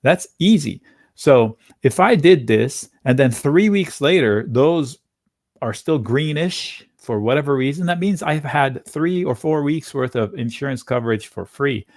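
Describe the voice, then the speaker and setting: A man's voice: mid-range voice, expressive, a little slow, a little mellow, no echo, studio quality. A man hosting a live options trading webinar, chatting casually and thinking aloud as he goes through charts. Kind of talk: live market commentary.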